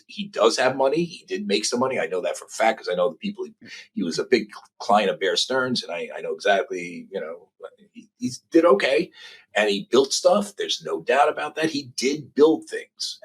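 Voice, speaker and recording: A middle-aged journalist spins animated, salty anecdotes in a casual interview. His voice is husky, and his pitch swings widely from low to high. He drops quick impressions of other people into his stories. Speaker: journalist guest.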